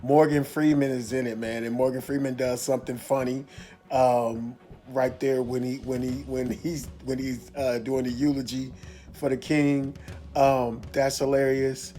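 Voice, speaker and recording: A man of middle pitch talking through a movie review in a loose, rambling way. He circles back to the same points and restarts his sentences often. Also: flat delivery, unhurried, warm tone, faint music behind. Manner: rambling, repeats himself, restarts a lot. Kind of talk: casual video review.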